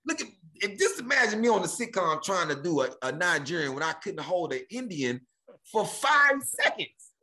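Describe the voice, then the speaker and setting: A man from Houston, a comedian guest telling stories in lively chat and slipping into mock voices. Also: moderate pace. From Houston, Texas. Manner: lively, mimics other voices, big pitch swings. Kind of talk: animated storytelling chat.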